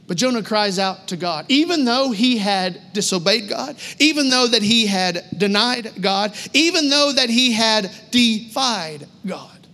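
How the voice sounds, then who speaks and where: A man's voice: high-pitched, expressive, measured pace, hardly any pauses, pushed and bright. A man preaching a sermon as pastor, emphatic and repetitive, acting out voices from the story. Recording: long hall reverb.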